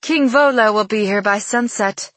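A woman's voice: medium pitch, measured pace, no echo, voice pushed up. A woman voicing a proud, sneering young noblewoman in an audiobook reading. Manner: sneering, sharp-tongued.

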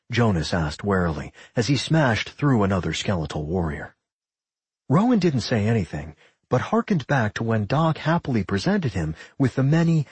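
A man narrating a fantasy audiobook in an expressive storytelling manner. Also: fairly low pitch, husky, dry recording.

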